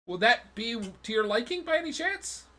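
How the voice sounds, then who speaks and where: An eager, friendly tanner, as a man puts him on selling leather goods in a tabletop game. The voice sits clearly higher than the man's own, bright and lively, with an accommodating salesman's manner. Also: normal speed, heavily acted.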